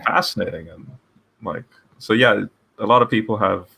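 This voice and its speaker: Guy hosting a video call interview, kinda low voice, rambles and restarts a lot. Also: fairly even intonation, moderate pace, creaky, bright, forceful tone, breathy edge. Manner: rambling, many restarts and fillers. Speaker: podcast host interviewer. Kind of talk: casual interview chat.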